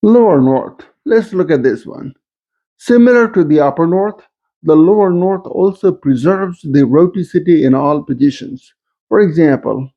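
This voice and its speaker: A man giving a lesson, speaking slowly and carefully and listing example words one at a time. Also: on the high side, dull audio. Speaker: instructor. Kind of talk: lecture on dialects.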